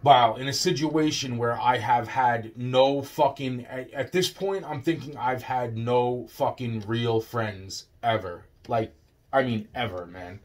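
A man's voice: mid-range voice, unhurried. Man in a profane rambling rant. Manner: profane, rambling, swings from shouting to muttering.

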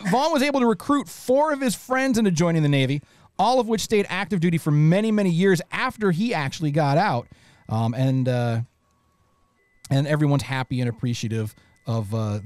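A man's voice: fairly high pitch, moderate pace, darkish tone, dry recording. A man hosting a podcast panel, introducing guests with playful jokes. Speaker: host. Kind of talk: casual podcast panel chat.

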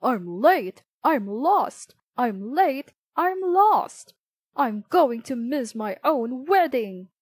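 A woman voicing a frantic, lost groom in fancy clothes, yelling in panic. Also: a little high, animated, slow pace, no echo.

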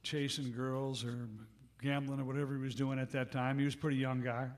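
A man's voice: mid-range voice, flat delivery, brisk. A man, a bandleader at a live gig, telling a long anecdote between songs in a rambling, conversational way, full of asides, recorded on a stage microphone in a music club. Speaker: bandleader and harmonica player.

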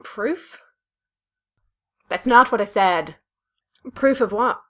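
A woman from northern England doing casual game commentary, crude and teasing and quick to laugh. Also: fairly high pitch, expressive. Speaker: YouTuber.

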